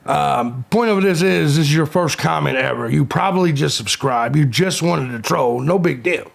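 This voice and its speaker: A man's voice: a little high, moderate pace, gravelly. A man in his forties hosting a live stream, reading viewers' comments aloud and firing back at trolls in a combative, profane way. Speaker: livestream host.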